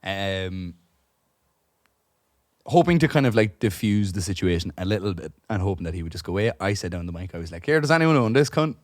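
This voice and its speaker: A young Irish man co-hosting a podcast, telling a profane, animated story full of asides. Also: sits low, a little fast, dry recording, studio quality. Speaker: podcast co-host. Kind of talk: casual storytelling chat. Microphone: podcast studio microphone.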